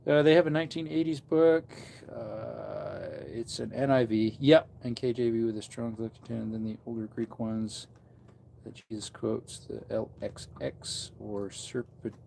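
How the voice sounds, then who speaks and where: A man's voice: mid-range voice, a little slow, creaky, warm tone, a little hiss or hum. A man who preaches, chatting casually on a livestream from an outdoor porch and wandering between topics as he reads comments aloud.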